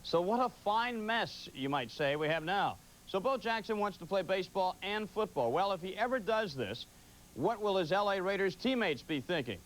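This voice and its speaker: A man's voice: sits high, expressive, normal speed, a bit bright, rough recording. A man hosting a sports talk show, wry and joking as he hands off to his co-host.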